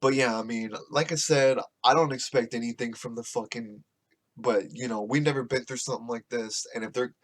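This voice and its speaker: A man in the middle of a loose podcast rant, swearing constantly and drifting from point to point. His tone is sarcastic and offhand, with an ordinary mid-pitched voice. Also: steady tone, brisk. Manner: profane, rambling, sarcastic. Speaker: podcast host. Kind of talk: casual rant.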